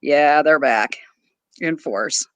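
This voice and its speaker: A man joining a livestream as a guest through his laptop mic, wry and quick to laugh. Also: on the high side, fairly bright tone. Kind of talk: casual livestream chat.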